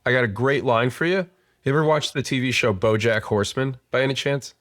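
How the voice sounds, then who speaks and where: A man's voice: mid-range voice, brisk, a bit bright, dry recording. Chatty man in a dry room. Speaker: podcast host. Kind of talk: conversational podcast interview.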